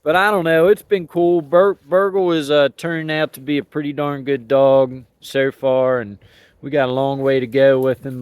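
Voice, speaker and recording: A man's voice: mid-range voice, smooth, dry recording. A man talking casually outdoors about training his dogs, in a laid-back, rambling, folksy way with plenty of slang. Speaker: dog owner sharing training thoughts. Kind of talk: casual outdoor vlog talk.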